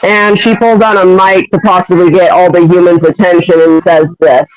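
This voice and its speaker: Rambling high-voiced man telling a story. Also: level tone, moderate pace, dry recording, low-quality recording. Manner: rambling, many fillers. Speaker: voice actor pitching a story. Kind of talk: casual storytelling.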